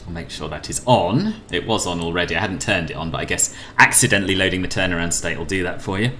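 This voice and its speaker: A man's voice: deep voice, fast, bright, forceful tone, a little hiss or hum. A man from the UK streaming a flight simulator, chatting playfully with viewers and reading out radio calls. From United Kingdom. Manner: chatty and playful, laughs often, calls people boss.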